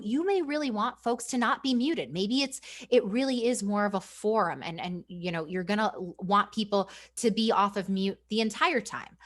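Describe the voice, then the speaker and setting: Energetic woman presenting a teacher training. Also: medium pitch. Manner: energetic and chatty, often asks "right?". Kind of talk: live online professional development presentation.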